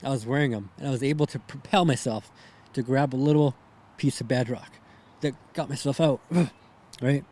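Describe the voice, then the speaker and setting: A man's voice: medium pitch, moderate pace, a little mellow. A young man, a podcast guest, telling a personal story in a rambling way, shaken and close to tears, often adding "right?" and "man".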